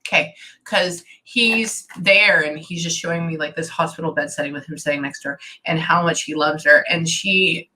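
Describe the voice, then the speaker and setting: Woman medium, bright edge, stop-start delivery, keeps cutting herself off. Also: deep voice. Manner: halting, animated, many self-interruptions. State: tearful at times. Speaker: psychic medium. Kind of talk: channeling session.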